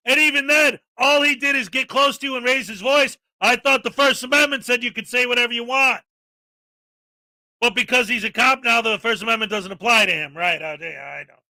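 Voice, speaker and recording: A man's voice: very high voice, bright, forceful tone, no echo, poor audio. A man hosting a commentary channel, ranting with sarcastic exasperation.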